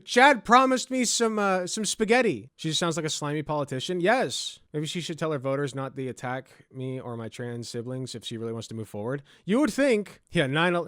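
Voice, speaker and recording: A man's voice: mid-range voice, expressive, brisk, few pauses, no room sound, clean studio sound. A man giving sarcastic, profane reaction commentary as a political commentator.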